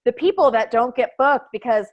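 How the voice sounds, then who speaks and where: A woman comedian telling a story in a casual interview, animated and swearing, often saying "like". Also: on the high side, fairly quick, lo-fi sound. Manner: animated, swearing, heavy use of "like". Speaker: stand-up comedian, guest.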